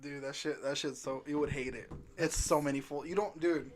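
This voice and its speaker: Podcast co-host, man from California, somewhat high voice, relaxed storyteller who swears freely. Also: brisk, a little hiss or hum. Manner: laid-back, swears a lot, storytelling. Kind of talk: casual chat.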